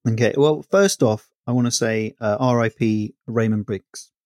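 Male podcast co-host, easygoing chatty manner, medium pitch, dry recording. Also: darkish tone, dry recording. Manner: easygoing, chatty, quick reactions. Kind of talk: casual chat.

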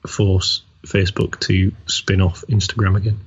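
A man's voice: low-pitched, little pitch movement, measured pace, husky. A man co-hosting a podcast, chatting casually and making dry, wry remarks. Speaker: podcast co-host. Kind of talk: casual chat. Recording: dull lo-fi sound.

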